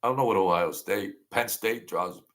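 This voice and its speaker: His voice is lowish and a bit bright, delivered at a normal speed. Hosting a relaxed livestream, this man wanders in conversation as he welcomes viewers by name and replies to comments.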